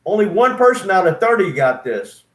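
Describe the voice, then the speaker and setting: Middle-aged man, emphatic aggrieved storytelling, fairly high voice, echoey room. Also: big pitch swings, moderate pace, noisy background. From East Texas. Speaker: vlogger, former nurse. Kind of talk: casual spoken storytelling.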